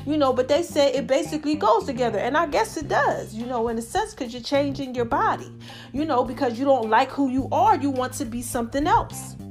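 Chatty high-voiced woman host. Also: brisk, soft background music. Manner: chatty and animated, laughs often, calls listeners y'all and baby. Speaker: podcast host. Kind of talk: casual monologue to listeners.

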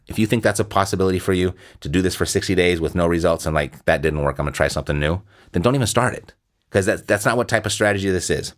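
Man with a lowish voice, blunt and emphatic real estate coach hammering home his points. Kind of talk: instructional talk.

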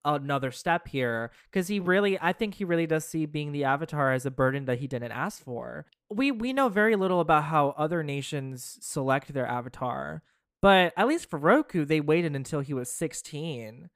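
Clear-voiced podcast co-host, thoughtful. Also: mid-range voice, animated, moderate pace, no room sound, clean studio sound. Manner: thoughtful, hedging, many restarts. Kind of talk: casual chat.

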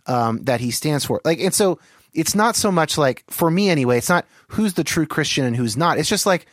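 A man's voice: fairly high pitch, animated, brisk, no room sound, clean studio sound. A man hosting a casual conversation, talking thoughtfully and qualifying his points with frequent fillers. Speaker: podcast host.

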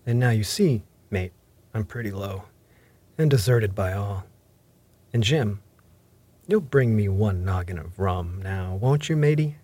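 A man voicing an ailing old sea captain who pleads and curses in rough sailor talk, in an audiobook reading. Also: fairly low pitch, animated, measured pace, pauses often, warm tone. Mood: pleading. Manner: coaxing, then gruff and rough-spoken.

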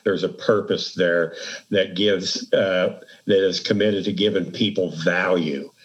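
A man hosting an interview, affirming his guest in a warm way. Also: low voice, fairly even intonation, a little slow, lo-fi sound. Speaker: podcast host.

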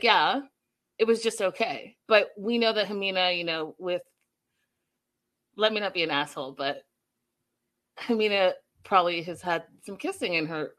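A young adult woman hosting a casual livestream recap, chatting with viewers and acting out quotes in an animated way. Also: on the low side. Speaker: show recap host.

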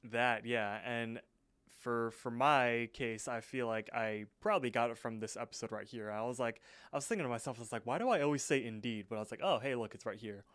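A young man at mid pitch talks through a cartoon episode scene by scene in a loose podcast chat, and the recording is dry and close, with no room sound. He keeps jumping into quick character voices for the lines he quotes. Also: a bit bright, no room sound. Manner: retells scenes, voicing characters in quick impressions. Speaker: podcast co-host. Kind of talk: casual episode recap.

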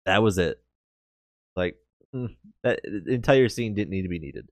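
Male podcast co-host, fairly low voice, dry close sound, wry nitpicking in casual chat. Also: lively intonation, moderate pace, no room sound. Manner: wry complaints about plot logic.

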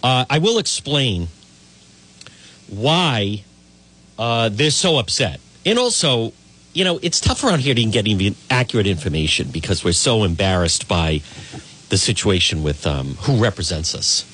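A man's voice: fairly low pitch, big pitch swings, normal speed, fairly bright tone. A man hosting a morning radio talk show, boisterous and exuberant, greeting listeners by name.

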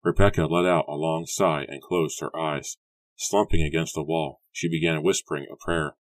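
An audiobook narrator with a very deep voice reads scripted narration at a normal pace, telling the story in an even, steady way. The recording is close and dry, with no room sound.

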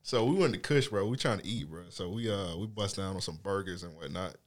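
A man's voice: low voice, fairly quick. A man casually telling a story among friends, laid-back and slangy, often laughing.

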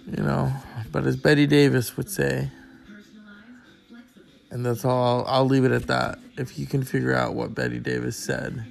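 A man's voice: mid-range voice, expressive, normal speed, vocal fry. A tired man hosting his own show, chatting in a rambling, casual way with crude asides and plenty of swearing.

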